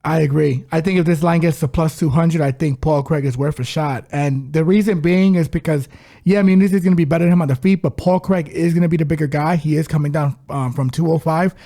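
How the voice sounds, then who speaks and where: Gravelly-voiced man talking fight bets. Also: on the high side, brisk, warm tone. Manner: confident, emphatic, blunt. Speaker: podcast co-host, betting analyst. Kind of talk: casual sports-betting chat.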